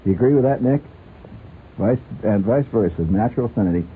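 A man's voice: lowish voice, animated, fast talker. Rambling playful male radio host. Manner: playful, rambling, laughs often. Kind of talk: rambling comic radio talk. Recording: tinny lo-fi radio with faint hiss.

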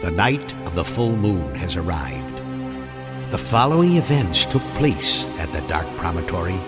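A man narrating a spooky story in a theatrical style that swells toward shouting at the climax. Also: deep voice, big pitch swings, unhurried. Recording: reverberant hall with music beneath.

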